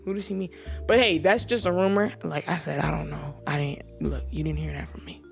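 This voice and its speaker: Lady basketball vlogger going off, sarcastic and rambly, lowish voice, little music behind. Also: a little fast, gravelly. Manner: mock-serious, sarcastic, rambling. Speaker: basketball commentary channel host. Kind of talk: sarcastic commentary rant.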